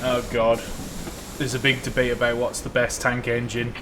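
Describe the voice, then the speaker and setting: A man's voice: mid-range voice, completely flat delivery, moderate pace, noisy background. A man casually chatting and joking while live streaming a train simulator. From Wales. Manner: joking, swearing, laid-back banter.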